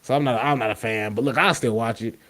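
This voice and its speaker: A man's voice: medium pitch, quick pace, fairly bright tone. A man co-hosting a wrestling podcast in casual, slangy banter, reading out viewer comments. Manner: laid-back slangy banter, reads chat comments. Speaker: podcast co-host.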